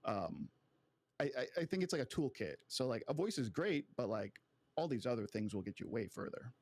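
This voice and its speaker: Brief: man panelist, relaxed and filler-heavy, middle pitch, dry sound. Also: moderate pace, no echo. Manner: loose, filler-heavy, likes a joke. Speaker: panelist game master. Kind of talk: casual panel discussion.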